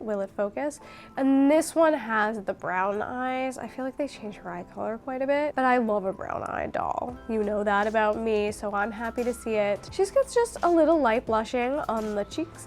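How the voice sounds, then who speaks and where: A young woman giving a casual, gushing review of a doll, talking enthusiastically with lots of fillers as she handles it. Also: fairly high pitch.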